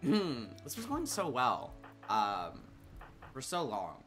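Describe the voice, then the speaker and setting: A man streaming a colony-building game, chatting and reading out game text, quickly exasperated with his colonists, swearing and then apologizing. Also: medium pitch, huge pitch swings, fairly bright tone, faint music behind. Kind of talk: casual gameplay commentary.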